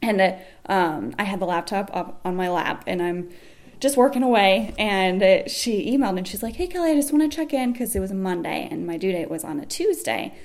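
A woman's voice: mid-range voice, normal speed, darkish tone. A young woman telling a personal story in a casual, chatty way, laughing often and acting out what people said.

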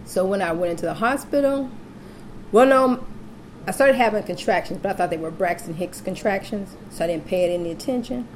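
A woman's voice: mid-range voice, fairly quick, slight background noise. A woman casually telling a personal story, acting out the voices of the people she quotes. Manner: animated, acts out quoted voices.

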